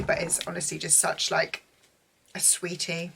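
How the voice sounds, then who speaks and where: A woman's voice: lowish voice, flat delivery, a little fast, gravelly, a bit bright, husky. A young woman giving a casual, gushing book recap, full of filler words. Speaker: book vlogger.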